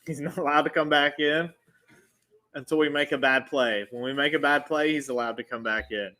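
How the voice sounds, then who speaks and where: A man's voice: a little high, steady tone, fairly quick, pushed and bright. A man hosting a casual football watch-along, teasing his friend. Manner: joking, teasing banter. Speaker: livestream host.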